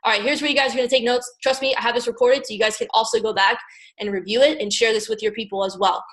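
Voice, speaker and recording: A young woman from Maryland giving an energetic motivational coaching talk, repeating "guys" and "okay" and acting out phone calls. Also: a little high, rough recording. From Maryland, USA. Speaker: network marketing team leader.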